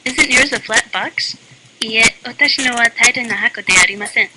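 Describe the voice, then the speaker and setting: A woman reading a mock language lesson in a deadpan voice, dropping dry joke asides between the examples. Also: fairly high pitch, a little fast. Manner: deadpan, flat-voiced delivery. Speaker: lesson narrator. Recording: loud constant background hiss.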